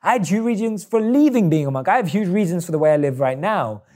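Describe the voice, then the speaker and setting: A man with a somewhat raised pitch hosts a conversational interview. He affirms his guest and builds on what they say before asking his next question. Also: animated, fast, warm tone. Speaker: podcast host.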